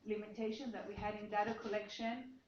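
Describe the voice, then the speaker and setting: Lecturing indoors in a seminar room, this woman explains her research at medium pitch, fairly quickly and with fairly even intonation. Her voice is a little mellow, and she thinks aloud, frequently starting her sentences over. The room is echoey, the sound dull, and there is faint noise.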